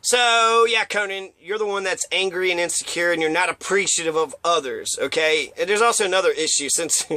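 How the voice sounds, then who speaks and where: Guy ranting casually and swearing a lot, kinda high voice, dry close sound. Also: brisk, hardly any pauses, pushed and bright, no echo. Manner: rambling, profane, acts out quotes in mocking voices. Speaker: commentator. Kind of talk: casual opinion monologue.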